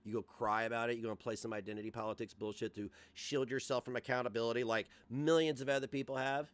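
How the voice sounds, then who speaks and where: A man's voice: mid-range voice, fairly even intonation, quick pace, clean tone. Profane, confrontational man in his forties. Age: 40s. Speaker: streamer. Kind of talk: ranting live-stream commentary.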